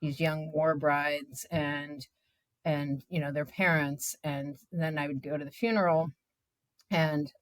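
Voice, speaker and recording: Woman in her fifties, journalist guest; lowish voice, dry close sound, animated and emotional storytelling, lots of "you know". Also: slow, no echo. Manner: animated, emotional, many filler words. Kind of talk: candid conversational storytelling.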